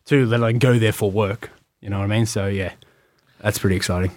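Fast-talking Australian man telling stories. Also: fairly low pitch, fairly even intonation, darkish tone, dry recording. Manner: quick storytelling, acts out voices of others. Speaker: guest wrestler. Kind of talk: casual podcast interview.

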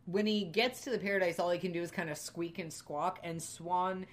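Low-voiced woman reviewing a film. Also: fairly even intonation, normal speed. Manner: thoughtful, lots of fillers and restarts. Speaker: podcast co-host. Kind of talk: casual film review chat.

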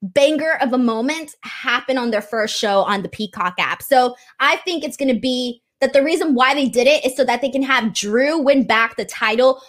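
Young woman rambling on a livestream, high voice, lots of ums and likes. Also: moderate pace, a bit bright. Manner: chatty, gushing, many fillers like "um" and "like". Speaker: wrestling show host. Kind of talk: casual livestream chat.

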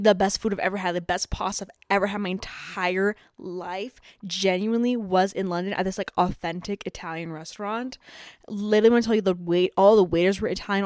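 A woman's voice: mid-range voice, no echo. Woman, co-host, gushing casual chatter, dry close sound. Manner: excitable, repeats herself, lots of "like" and "literally". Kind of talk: casual chat between friends.

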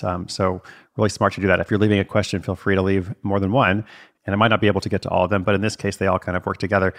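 A man's voice: fairly low pitch, vocal fry. A man hosting a podcast, answering listener questions in a thoughtful, hedging way and often restarting his words. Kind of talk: casual solo podcast advice.

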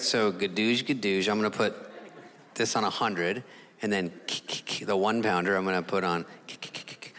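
A man's voice: fairly low pitch, bright, forceful tone. A man doing a stand-up comedy routine, telling a story with sarcastic asides and acting out the dialogue. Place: live theater stage before an audience. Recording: reverberant live hall with crowd noise. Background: audience laughter.

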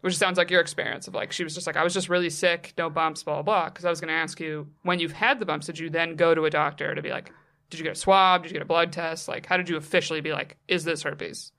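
A woman's voice: deep voice, fairly even intonation, quick pace, fairly bright tone. A woman hosting a casual chat who reacts with gasps and asks frank questions.

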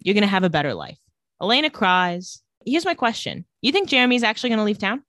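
A woman in casual chat, walking through a TV episode scene by scene. Her voice swings up and down in pitch. It sounds dry and close, with no room around it. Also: big pitch swings, quick pace, a bit bright, no room sound. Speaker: podcast co-host recapping a TV episode.

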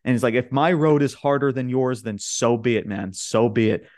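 Animated and casual, a young Long Island, New York man hosts a podcast where he retells wrestling promos, performing the quotes with laughter. His voice sits in the mid-range at a normal speed. The studio sound is clean and echo-free.

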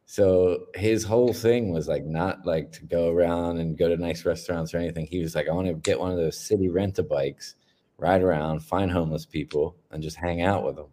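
A man's voice: low voice, fairly even intonation, a little fast, warm tone. A man co-hosting a casual podcast chat, telling funny stories in a laid-back, joking way. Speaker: podcast co-host.

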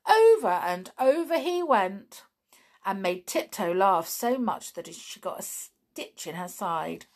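A woman reads a children's bedtime story aloud, unhurried and gentle. Her pitch rises and falls a great deal, and every line is given expression. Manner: slow, gentle, expressive reading.

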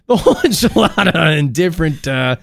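Male co-host, loose rambling banter, animated pitch, dry studio sound. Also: creaky, dry recording. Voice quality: loose, halting and rambling with many fillers. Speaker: podcast co-host.

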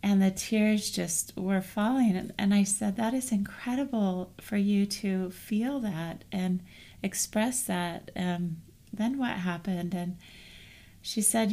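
A middle-aged woman co-hosting a casual talk on grief, telling a family story in a gentle, reflective way. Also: mid-range voice, takes it slowly. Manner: gentle, storytelling, soft trailing phrases. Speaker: co-host.

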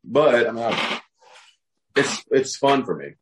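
A man's voice: medium pitch, big pitch swings, slow, fairly bright tone, a little hiss or hum, poor audio. A man, a rapper and label head, chatting casually as a guest and telling laid-back stories. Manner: laid-back storyteller, says bro a lot. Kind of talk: casual podcast chat.

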